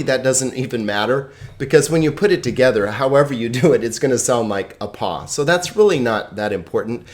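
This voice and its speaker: A teacher giving a video lesson on Greek pronunciation, joking and chuckling, slowing down to drill words one by one. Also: medium pitch. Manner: playful, chuckles at own jokes; slow, deliberate word-by-word pronunciation drills.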